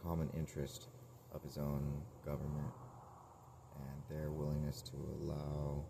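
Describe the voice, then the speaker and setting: A man's voice: a bass voice, mellow, slight background noise. A man talking casually to camera outdoors, rambling through tangents with frequent restarts and laughs. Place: outdoors at a tent camp.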